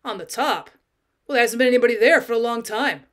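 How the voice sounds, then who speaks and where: A woman's voice: a little high, quick pace, lightly acted. A woman reading the part of a rude, mocking male bus conductor, who talks in a bantering, dismissive way.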